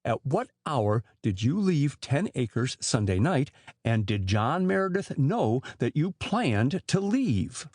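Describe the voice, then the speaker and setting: A stern police inspector from an old mystery audiobook, pressing his questions dryly and without letting up, as the male narrator reads him. The voice moves lively through its pitch and sits close and dry. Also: slow, no echo. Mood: grim.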